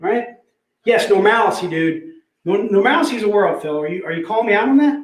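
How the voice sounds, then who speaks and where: Lively and high-pitched, talking a little fast, the man hosts a casual live sales stream in his company office. He keeps joking, laughs a lot and says "dude" constantly, with the office adding a roomy echo.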